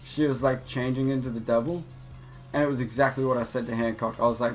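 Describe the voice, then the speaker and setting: A man's voice: medium pitch, steady tone, quick pace, faint music behind. A young man hosting a gaming channel, telling a rambling, profane story with many restarts while he plays. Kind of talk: casual storytelling over gameplay.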